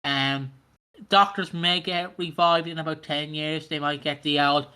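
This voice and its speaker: A man's voice: on the high side, steady tone, unhurried, pushed and bright, clean tone. A man hosting a casual podcast chat, jokey and rambling, swearing now and then. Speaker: podcast host.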